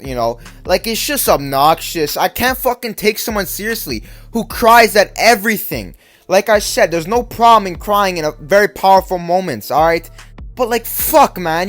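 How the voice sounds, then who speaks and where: Foul-mouthed man ranting about anime, heated and stammering, very animated delivery, with faint background music. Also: a little high. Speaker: anime commentator. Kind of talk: profane ranting commentary.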